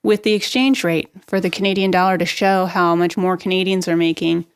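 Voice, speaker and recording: Woman, lowish voice, real estate podcast guest, brisk practical explainer, dry close sound. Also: steady tone, clean tone, no echo. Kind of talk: podcast interview, explaining marketing tips.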